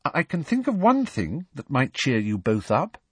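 A man takes a clever teenage girl up into a high, anxious, earnest voice, far above his own. Her tone is husky, close and dry, with a lively lilt. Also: measured pace, dry recording, exaggerated voice. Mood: hopeful.

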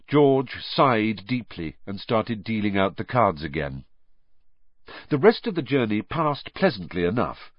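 Man, audiobook narrator, animated pitch, dull lo-fi sound. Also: unhurried, no echo. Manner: lively storytelling with varied pitch. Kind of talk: scripted narration. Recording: dry, slightly muffled lo-fi recording.

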